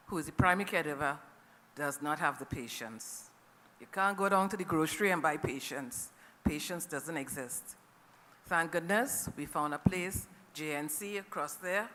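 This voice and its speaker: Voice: medium pitch, sharp tone. A middle-aged caregiver from Trinidad and Tobago, with a Trinidadian accent, gives an earnest, emotional personal testimony to a conference audience and often checks in with them. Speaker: family caregiver speaking at a conference. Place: conference hall. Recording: long reverb of a conference hall.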